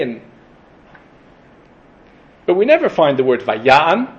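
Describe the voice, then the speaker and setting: A man giving a Torah class, thinking out loud, asking questions and restarting his phrases. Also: on the high side, huge pitch swings, slow. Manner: thoughtful, questioning, frequent restarts. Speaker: Torah teacher. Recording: dull lo-fi recording.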